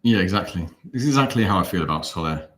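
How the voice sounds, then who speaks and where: Deep-voiced english guy chatting football, talks really clearly, dry jokes, goes off on tangents. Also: lively intonation, fast talker, a bit bright, slight background noise. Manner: well-enunciated, wry, rambling. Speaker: fan channel co-host. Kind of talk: casual match watch-along chat.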